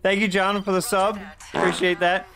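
A man's voice: high-pitched, moderate pace, gravelly, a crowd in the background. A man streaming a video game, chatting casually with a co-host and laughing often. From Canada. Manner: laughs often, animated reactions. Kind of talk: casual gaming chat.

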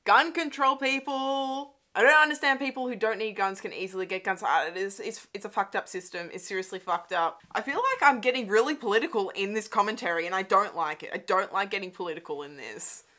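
A woman's voice: mid-range voice, fairly quick, few pauses, bright, forceful tone. A young adult woman hosting a casual movie commentary from home, chatty and laughing often, with frequent swearing. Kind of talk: casual watch-along film commentary. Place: home room.

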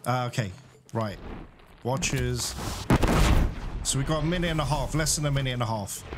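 A man's voice: medium pitch, moderate pace, very noisy. A man narrating his video game playthrough to viewers, cursing and laughing when things go wrong. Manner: talks to viewers, swears and laughs when frustrated. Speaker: video game let's player. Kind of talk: live gameplay commentary. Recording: loud game sounds under the voice.

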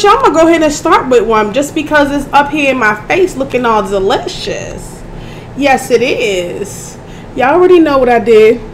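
High-voiced hoarse woman chatting while eating. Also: slight background noise. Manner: chatty, addresses audience as y'all, keeps clearing her throat. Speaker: mukbang vlogger. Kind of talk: casual eating chat to viewers.

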